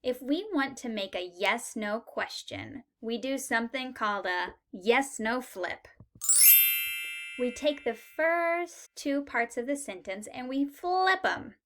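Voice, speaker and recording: A woman's voice: fairly high pitch, expressive, slow pace, noisy background. A woman teaching a beginner English lesson, modelling short sentences patiently and stressing key words. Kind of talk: slow, clear language lesson.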